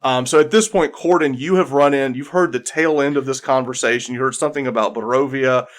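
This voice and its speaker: A man narrating a fantasy tabletop game as its game master. His voice sits at an ordinary middle pitch, and he rambles along, repeating words and restarting phrases as he sets each scene. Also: a little fast.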